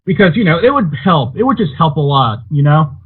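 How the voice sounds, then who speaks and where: A male caller on a radio show who hesitates and complains. His voice is husky and a little high. The phone line makes it tinny. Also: very animated, a little fast. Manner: hesitant, full of fillers. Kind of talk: call-in radio chat.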